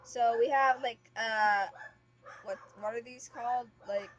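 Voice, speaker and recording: A woman's voice: on the high side, fairly even intonation, unhurried, lo-fi sound. A young woman streaming a game, chatting casually and rambling with lots of filler words. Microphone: streaming mic. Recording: very loud static hiss, poor stream mic. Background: dog.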